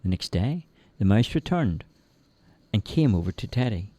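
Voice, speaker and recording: A man narrating a children's short story in a gentle, measured reading. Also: lowish voice, big pitch swings, no room sound.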